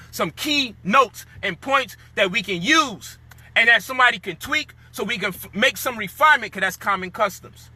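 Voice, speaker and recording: A man's voice: very high-pitched, bright, forceful tone. A man delivering a frustrated, profane, lecturing rant. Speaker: commentator. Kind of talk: heated monologue rant.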